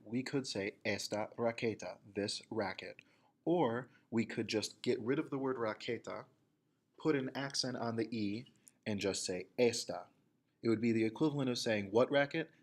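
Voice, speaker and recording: Man explaining Spanish grammar, lowish voice. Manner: steady explanatory, reads examples aloud slowly. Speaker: Spanish teacher. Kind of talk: recorded grammar lesson.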